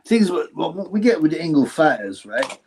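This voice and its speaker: A man's voice: a little high, sing-song, brisk, darkish tone, slight background noise. A man with a British accent hosting a live stream, reading out viewer questions and answering them in a blunt, crude, casual way. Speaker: livestream host answering chat. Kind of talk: casual live-chat commentary.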